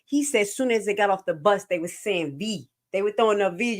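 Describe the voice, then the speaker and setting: A woman's voice: medium pitch, fairly quick. A woman hosting an online show, commenting on a played interview and talking straight to her viewers. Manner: animated, talks straight to viewers. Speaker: host.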